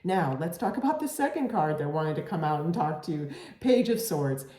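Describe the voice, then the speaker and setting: A woman with a low, mellow voice gives a gentle tarot reading straight to camera. She talks in a reassuring, unhurried way, full of ums and restarts. The room around her sounds echoey. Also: big pitch swings. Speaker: tarot reader.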